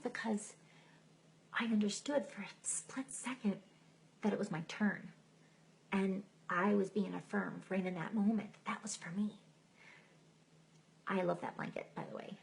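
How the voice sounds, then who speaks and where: A middle-aged woman shares a candid, emotional personal testimony on a live stream, laughing at herself as she goes. Her medium-pitched voice has vocal fry, a moderate pace, and long pauses. The audio is poor, with slight background noise, from a phone or computer mic.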